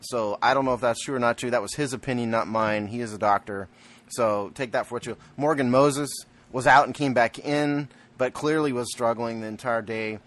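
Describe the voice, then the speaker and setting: A man's voice: mid-range voice, brisk, a bit bright. A man co-hosting a casual sports podcast, blunt and joking, laughing at his own jabs. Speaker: podcast co-host.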